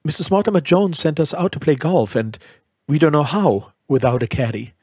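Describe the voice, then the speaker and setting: A woman's voice: low voice, expressive, moderate pace, mellow, slightly rough, no echo, clean studio sound. A man doing a fussy flustered nurse. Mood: fretful.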